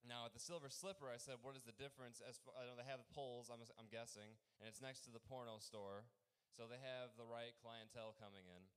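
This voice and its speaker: Young man, open mic stand-up, rambling, halting, smooth clear voice. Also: medium pitch, fairly even intonation, fairly bright tone. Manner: rambling, halting with fillers and restarts. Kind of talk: stand-up comedy set.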